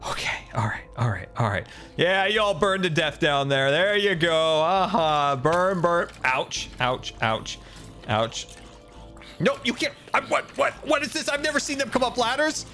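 Excitable man with lively, swooping pitch. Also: a little slow, soft background music. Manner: exclaims and laughs often, repeating panicked cries; talks to himself and to game creatures. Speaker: gaming video creator. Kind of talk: excitable gameplay commentary.

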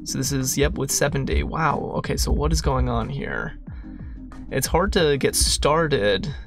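Gravelly man muttering through a puzzle. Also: mid-range voice, measured pace, music in the background. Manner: muttering, self-questioning, trailing off. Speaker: crossword solver. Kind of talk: thinking aloud while solving a puzzle.

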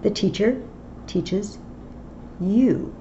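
Slow, patient woman teaching Latin. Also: medium pitch, mellow, a little hiss or hum. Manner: patient, slow, step-by-step explaining. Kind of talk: online tutorial lesson. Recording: slightly dull lo-fi audio with faint ambience.

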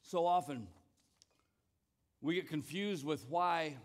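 A man's voice: fairly high pitch, slow. A man preaching a sermon as pastor, emphatic, often repeating words and urging the congregation to join in. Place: church service.

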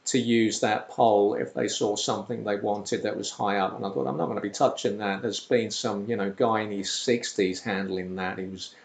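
A man's voice: fairly low pitch, fairly even intonation, normal speed, vocal fry, few pauses. A man telling a rambling comic story with dry, self-deprecating asides, as a podcast host. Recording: roomy echo.

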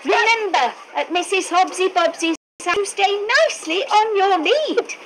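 A woman's voice: very high voice, a little slow, slight background noise, low-quality recording. An actress playing a prim, fussy older neighbour who scolds and fusses over her own well-behaved dog. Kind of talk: children's TV acting.

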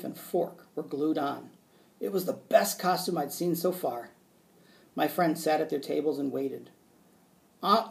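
A male teacher reading a children's book aloud with expressive narration. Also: a little high, creaky.

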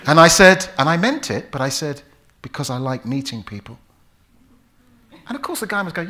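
A British actor giving an anecdotal talk to an audience, animated, acting out voices and reciting verse as he tells stories. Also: mid-range voice, quick pace. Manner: animated storyteller who acts out voices and recites Shakespeare. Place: lecture hall before a live audience.

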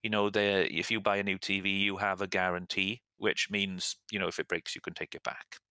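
A young man casually explaining example sentences as an English teacher, relaxed and chatty. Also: low-pitched, a little fast, no echo. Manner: relaxed, chatty, laughs at own slips.

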